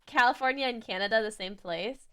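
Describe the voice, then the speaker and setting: A woman's voice: fairly high pitch, fairly quick, a bit bright, clear, resonant tone. A young adult woman streaming, chatting casually as she reacts to a video, giggly and rambling with lots of "like" and restarts.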